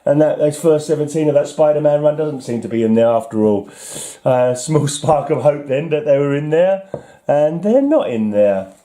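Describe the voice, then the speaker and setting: An English man chatting casually as he counts through his comic collection, with a wry, self-mocking chuckle in his talk. His voice sits a little high for a man, yet the tone is very dark and mellow. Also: expressive, normal speed.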